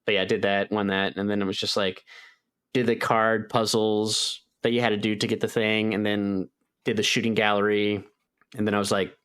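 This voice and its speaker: A man's voice: lowish voice, level tone, moderate pace, a bit bright, clean tone. Rambling man on a gaming podcast. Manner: rambling, lots of "like", acts out his own reactions in a raised voice. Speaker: podcast co-host. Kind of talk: casual gaming chat.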